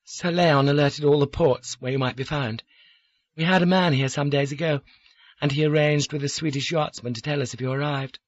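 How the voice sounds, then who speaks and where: Man reading as a prickly young Englishwoman, clipped, dispassionate, raised pitch, dry dull recording. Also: steady tone, a little fast, no room sound, close to an everyday voice. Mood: cool, guarded. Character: cool, prickly young Englishwoman, formal and guarded. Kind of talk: audiobook character voice.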